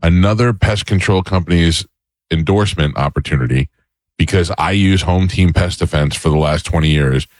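A man's voice: low-pitched, normal speed, dry recording. A man hosting a radio show, bantering casually and playfully griping with his co-hosts.

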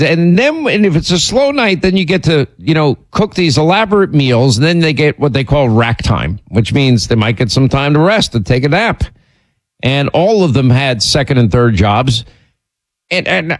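A middle-aged man hosts a radio show, chatting and storytelling in a loose, rambling way. His voice swings widely in pitch and leaps higher whenever he gets worked up. The studio sound is dry and close. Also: moderate pace, dry recording. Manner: animated, rambling, jumps up in pitch when indignant. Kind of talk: casual on-air storytelling.

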